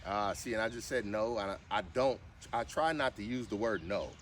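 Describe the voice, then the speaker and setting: There's a little hiss or hum as a man, speaking at a moderate pace, records a casual vlog of training his service dog. He mixes chatty explanations with firm short commands and high sing-song cues.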